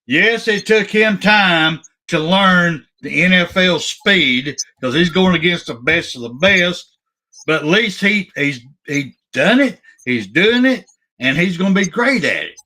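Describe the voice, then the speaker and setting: A man's voice: sits high, animated, a little slow, bright, forceful tone. A man hosting a casual sports talk show, opinionated and emphatic, often restarting his sentences.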